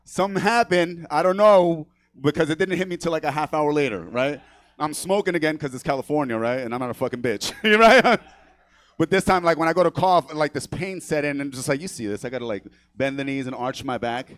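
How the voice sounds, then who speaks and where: A man from New York with Spanish as his first tongue works a comedy theater stage, brash and profane. His voice sits a bit high for a man and sounds close and dry on a handheld mic. He chuckles at his own punchlines and keeps checking in with "right?". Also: fairly quick, dry recording. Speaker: stand-up comedian. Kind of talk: stand-up set.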